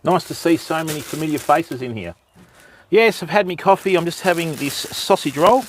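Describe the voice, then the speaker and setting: A man's voice: fairly high pitch, moderate pace, slight background noise. An older Australian man hosting a casual fishing livestream outdoors by the water, greeting viewers by name in a laid-back way. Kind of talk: casual live-stream chat.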